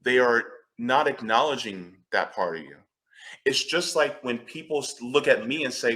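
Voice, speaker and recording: A man speaking as a panelist in a discussion, animated and emphatic, swearing when riled. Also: mid-range voice, normal speed.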